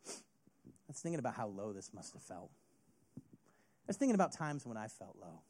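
A man preaching a sermon as a youth pastor, retelling a story with an expressive delivery. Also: medium pitch, moderate pace, pauses often.

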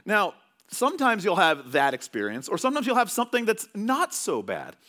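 A man's voice: sits high, wildly swooping pitch, moderate pace, sharp tone. A man from California preaching a sermon as pastor, telling stories in a loose, conversational way with many restarts.

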